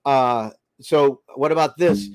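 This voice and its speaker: A man's voice: mid-range voice, slow, clear, resonant tone, dry recording, studio quality. An older man hosting a casual livestream, chatting loosely and reading viewer comments aloud. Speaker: livestream host reading chat.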